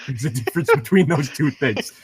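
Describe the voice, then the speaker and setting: Giggly young man with lively pitch. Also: a little fast, slightly rough, no room sound. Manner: laughs often, rambling with many fillers. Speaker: podcast co-host. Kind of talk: casual chat.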